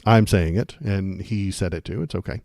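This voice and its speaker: A man's voice: low voice, normal speed, vocal fry, darkish tone, dry recording, clean studio sound. A man hosting a political livestream, ranting sarcastically, laughing and talking to his chat. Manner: ranty, sarcastic, laughs often, talks to chat.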